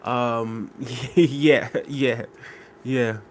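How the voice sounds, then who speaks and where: A man's voice: medium pitch, steady tone, extremely slow, slight background noise. A young man hosting a live stream, chatting casually and rambling as he reads and answers viewer comments. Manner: rambling and conversational, many fillers, reacting to chat. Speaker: livestream host.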